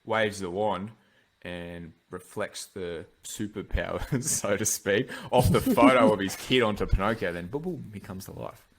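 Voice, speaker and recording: A man's voice: fairly low pitch, a little slow, slight background noise. A man hosting a podcast, reviewing a film in loose, rambling casual chat with lots of restarts. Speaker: podcast host.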